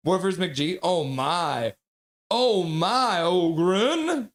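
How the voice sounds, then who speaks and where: Excitable, higher-pitched hockey streamer man. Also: slow. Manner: excitable, reads chat aloud, chants and yells. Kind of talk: live play-by-play and chat reaction.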